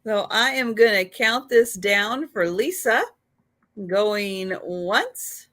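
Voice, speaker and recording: A woman co-hosting and selling on a live stream, chatting casually in an unhurried, matter-of-fact way. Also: mid-range voice, lively intonation, fairly bright tone. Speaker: co-host and seller. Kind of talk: casual livestream chat.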